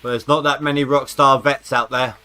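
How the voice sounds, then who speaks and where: A man's voice: mid-range voice, steady tone, fairly quick, bright, forceful tone. A man streaming a video game live, chatting casually and joking as he thinks aloud about his progress. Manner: rambling, jokey, thinking aloud. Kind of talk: casual gameplay commentary.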